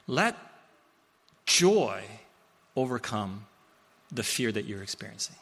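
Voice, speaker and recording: Guy preaching a sermon, bright lively voice, big echoey church hall, jokey asides. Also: lowish voice, slow, slightly rough. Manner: storytelling, animated, with playful asides.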